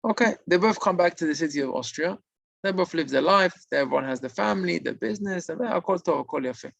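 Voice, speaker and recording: A man's voice: fast talker, vocal fry, no echo. A man telling a religious moral story, acting out the characters' lines. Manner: animated, acts out the characters' lines with higher pitch.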